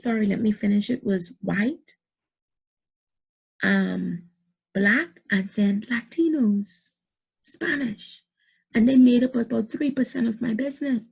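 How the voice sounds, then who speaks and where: A woman's voice: on the high side, vocal fry, darkish tone, husky. A middle-aged woman, giving emphatic motivational business advice to camera and repeating points for stress. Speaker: business coach.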